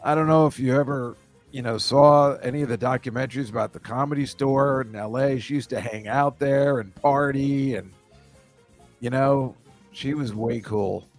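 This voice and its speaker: Guy hosting a chill chat show, middle pitch, rambly, lots of ums and uhs. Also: soft background music. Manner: rambling, halting, full of fillers. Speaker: podcast host. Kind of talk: casual chat.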